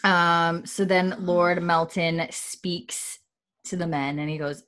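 A woman in casual chat, retelling a TV scene with quick quoted voices and laughter. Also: on the low side, little pitch movement, a bit bright. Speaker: podcast co-host. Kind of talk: casual chat recapping a TV episode.

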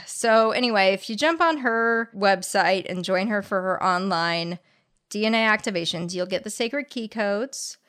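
A woman's voice: mid-range voice, measured pace, a bit bright. A woman co-hosting a podcast, retelling an event in a sardonic, laughing way. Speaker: podcast co-host. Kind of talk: casual chat recounting an event.

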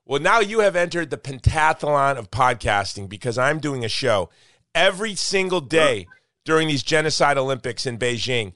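A man's voice: medium pitch, expressive, moderate pace, pushed and bright, dry recording, studio quality. A man hosting a podcast in casual chat, speaking with passion and repeating points for emphasis. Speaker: podcast host.

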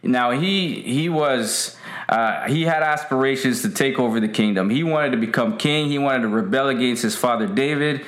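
A man of medium pitch and fairly bright tone preaches at a moderate pace during a livestream. His sermon is relaxed but forceful; he repeats key lines and calls out viewers by name, and the recording carries a roomy echo.

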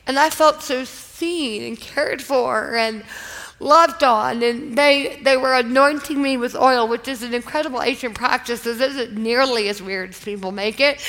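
A woman's voice: high voice, unhurried, fairly bright tone, big-room sound, poor audio. A woman giving an earnest, emotional personal testimony at a live faith event, talking in a casual storytelling way. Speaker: guest speaker.

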